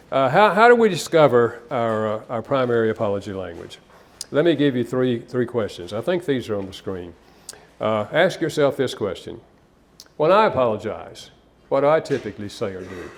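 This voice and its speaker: A man counselor giving a live seminar talk to an audience, conversational and anecdotal, with occasional restarts. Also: mid-range voice. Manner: conversational, storytelling, some repeated restarts.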